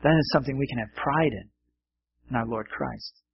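Male pastor, middle-aged, husky, casual preaching style, dull lo-fi church recording. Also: medium pitch, normal speed. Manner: conversational, self-deprecating, with fillers and asides. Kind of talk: sermon.

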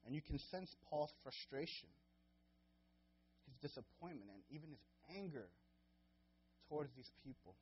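A young man preaching a casual sermon as a guest preacher, with many fillers and restarts, getting loud and high when he acts out scenes. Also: animated, moderate pace, long pauses, highs cut off, faint music behind.

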